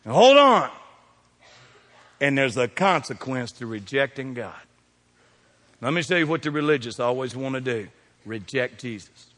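A man with a Kentucky accent, preaching a lively sermon as pastor and firing questions at his congregation. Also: medium pitch, normal speed. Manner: animated preaching with call-and-response questions. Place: church sanctuary. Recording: long hall reverb.

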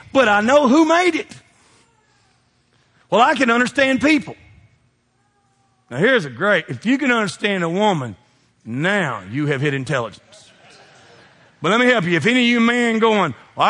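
Husky-voiced preacher in a big hall. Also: male voice, extremely high pitch, sharp tone. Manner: emphatic, preachy, calls out to the congregation. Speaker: pastor. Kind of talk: sermon. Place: church sanctuary. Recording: long reverb of a large hall.

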